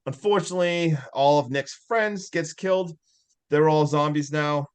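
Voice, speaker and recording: Chatty man with a higher voice. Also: normal speed, clean tone. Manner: rambling, laughs often, frequent fillers. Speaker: podcast co-host. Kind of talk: casual movie recap.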